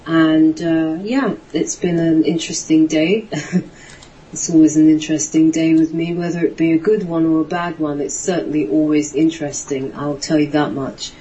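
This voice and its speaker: A woman with a British accent, a guest calling in to a radio show, soft-spoken and a little hesitant. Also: sits low, steady tone, normal speed, slightly rough. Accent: British English. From England. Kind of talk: phone-in interview. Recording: dull lo-fi phone call.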